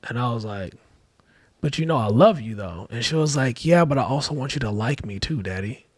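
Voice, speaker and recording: With a mid-range voice and lively intonation, this man speaks a little fast as a podcast guest, recounting personal fatherhood stories candidly, heavy on "like" and performed quotes. It's a casual, heartfelt talk captured in a dry recording.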